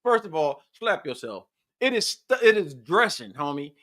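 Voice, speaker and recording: A playful man teases his friends in a relaxed podcast chat. His voice is high and bright, with a forceful edge. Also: moderate pace. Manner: playful, teasing, loud bursts. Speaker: podcast co-host. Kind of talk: casual chat.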